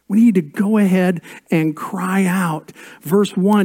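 An older man preaching a sermon as a pastor, with dramatic pauses and drops to a hush on key words. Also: sits high, steady tone.

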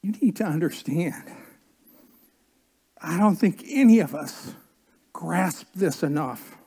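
A man preaching a sermon as pastor, slow and earnest, drawing out key words and coaxing the congregation to join in. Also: sits high, mellow.

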